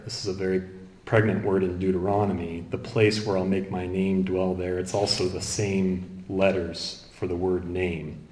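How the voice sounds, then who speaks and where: A man preaching an expository sermon, quoting scripture and shifting between quick asides and slow, emphatic readings. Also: low voice. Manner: expository, animated, quotes scripture. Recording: echoey room.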